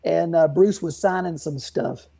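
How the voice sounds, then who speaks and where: A man's voice: a little high, unhurried, gravelly, mellow. A man who runs a guitar shop, answering interview questions with long rambling stories full of fillers. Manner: rambling, many fillers and restarts. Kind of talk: casual storytelling interview.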